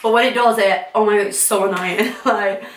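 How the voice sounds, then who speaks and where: A woman's voice: medium pitch, fairly even intonation, fairly quick, slight background noise. A young woman, a guest chatting candidly and laughing often. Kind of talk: casual chat. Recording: echoey room, mic at a distance.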